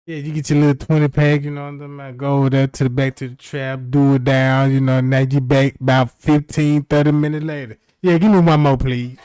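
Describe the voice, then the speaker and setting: This time the livestream host speaks in a mid-range, completely flat voice, talking fast with hardly any pauses; the tone is a little mellow and smooth. He rambles through profane, loose comedic stories and keeps asking listeners "you know what I'm talking about." The recording is dry and studio-clean.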